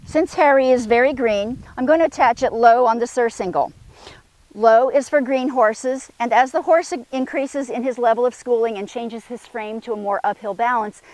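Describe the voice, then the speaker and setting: A woman's voice: a little high, darkish tone, dry recording, poor audio. A woman horse trainer giving an instructional demonstration in an outdoor arena, calling commands to a horse between her explanations.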